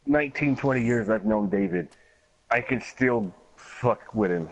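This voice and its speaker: A man's voice: on the low side, measured pace, poor audio. A man streaming a game who tells profane, laughing anecdotes and acts out the quotes. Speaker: gaming streamer. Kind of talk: casual storytelling while gaming.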